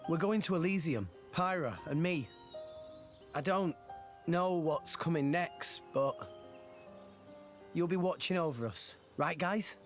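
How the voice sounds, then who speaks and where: A man's voice: on the high side, slow pace, pauses often, soft background music. A man with a Scottish accent voicing an earnest teenage male scavenger hero in a game, heard under a player's commentary. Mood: wistful.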